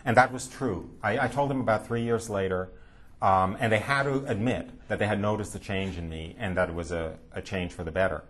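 A man speaking at a talk, telling a personal story in a hesitant way with many fillers and lively quoted voices. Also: fairly low pitch, fairly quick. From United States.

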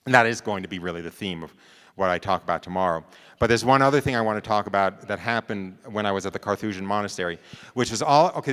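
A man's voice: lowish voice, fairly bright tone, big-room sound. A man giving a talk, telling a personal story in a conversational way and often checking in with his listeners. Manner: conversational, checks in with "right?" and "you know".

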